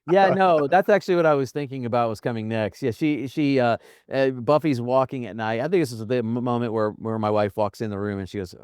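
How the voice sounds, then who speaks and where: Smooth low-voiced guy co-hosting a podcast, chatty retelling, dry mic. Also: a little mellow, no echo. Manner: chatty, retells scenes with quick asides. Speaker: podcast co-host. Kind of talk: casual chat.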